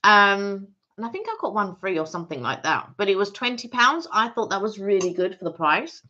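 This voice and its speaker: Co-host wanita Inggris, suara cerah, ngobrol santai, audio lo-fi kusam. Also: female voice, mid-range voice, expressive, a little fast, pushed and bright. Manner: chatty, talks while eating. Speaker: co-host of a live stream. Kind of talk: casual live-stream chat. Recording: dull lo-fi stream audio.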